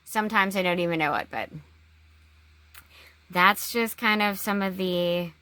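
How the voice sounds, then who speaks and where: A woman talking in a casual personal vlog, halting, with long pauses and restarts. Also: medium pitch, pushed and bright, no echo. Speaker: vlogger.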